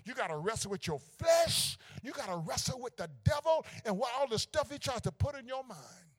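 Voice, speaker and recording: A pastor preaching a sermon, swinging from hushed asides to shouted climaxes. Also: male voice, extremely high pitch, sing-song, moderate pace, breathy edge.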